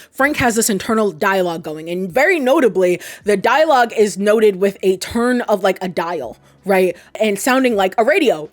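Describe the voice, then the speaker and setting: A woman chatting casually through a game theory video, retelling scenes with quoted lines and frequent laughs. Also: medium pitch. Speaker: video essay creator.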